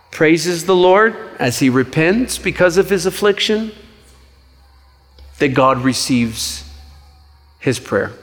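Male pastor, slightly high voice, chatty storytelling sermon, long hall echo. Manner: conversational, animated storytelling with quick asides. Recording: reverberant hall.

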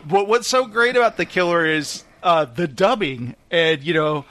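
A man's voice: on the high side, normal speed, no room sound. A man hosting a podcast, chatting casually and acting out movie lines with lots of laughter. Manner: animated storyteller who acts out movie lines and laughs often. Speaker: podcast host. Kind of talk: casual chat.

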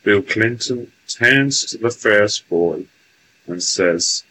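A man speaking formally in a stilted, deliberate way as the voice in a channeling session, telling a joke and chatting with guests. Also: lowish voice, sharp tone, slight background noise, poor audio.

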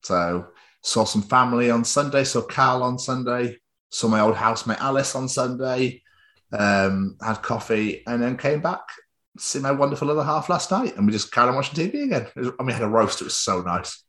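Guy telling a footy story, lots of swearing, acts out the yelling, mid pitch. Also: brisk, roomy sound. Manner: animated, swearing, acts out shouts in stories. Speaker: podcast co-host. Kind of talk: casual storytelling chat.

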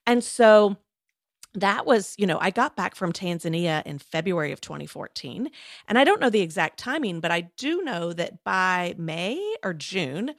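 A woman guest in an interview, telling her own story in a chatty, animated way with many fillers. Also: on the low side, moderate pace, no room sound, studio quality. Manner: chatty, animated, lots of fillers and quoted asides. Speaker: guest, former lawyer turned coach.

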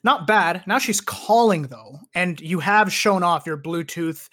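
A man's voice: sits high, unhurried, sharp tone. A man co-hosting a podcast in casual chat, quizzing his friend with a made-up scenario. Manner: quizzing, spinning out a hypothetical scenario. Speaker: podcast co-host.

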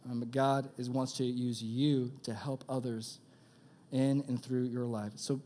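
A young man preaching a sermon in a casual, energetic style, calling out to his audience. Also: mid-range voice, a little slow. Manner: energetic, conversational preaching with audience call-outs. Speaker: youth pastor.

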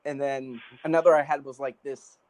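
A man's voice: medium pitch, flat delivery, normal speed, darkish tone. A male podcast host chatting casually, rambling with constant fillers of "like". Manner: rambling, heavy use of "like".

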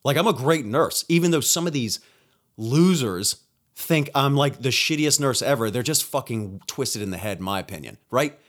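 A man's voice: mid-range voice, lively intonation, moderate pace. A young man hosting a solo podcast, ranting in a heated, profane way, rambling with restarts and acting out quotes. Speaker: podcast host; nurse. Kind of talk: opinionated solo rant.

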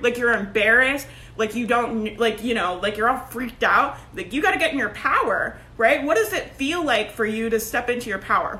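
A woman in her thirties giving a loud, emphatic motivational talk to camera, laughing often and peppering her speech with "like" and "right?". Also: sits high. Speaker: online business coach. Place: at home. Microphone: phone.

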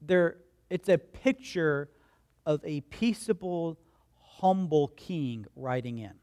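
A pastor delivers a lively, conversational sermon, acting out the people in his stories. His voice sits high for a man, and he turns to ask his congregation questions as he goes. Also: slow pace. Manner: animated storytelling, acts out voices and crowd quotes.

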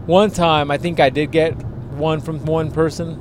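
Podcast host, man, thirties, profane and animated, a little high-pitched, faint hiss behind. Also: moderate pace. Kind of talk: crude casual banter.

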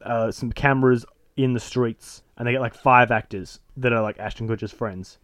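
A man's voice: medium pitch, fairly even intonation, normal speed, a bit bright, no echo, clean studio sound. A man co-hosting a podcast, retelling stories and acting out the voices with laughs. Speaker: podcast co-host. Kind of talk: casual chat.

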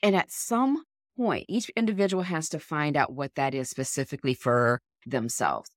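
A woman's voice: low-pitched, normal speed, dry recording, studio quality. Earnest encouraging woman podcaster. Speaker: podcast co-host. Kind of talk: motivational casual chat.

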